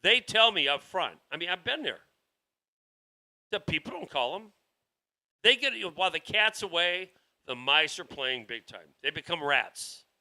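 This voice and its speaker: A man's voice: sits high, very animated, normal speed, pauses often, bright, forceful tone. A man hosting a political talk show, delivering a rambling, heated monologue with frequent restarts. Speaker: show host.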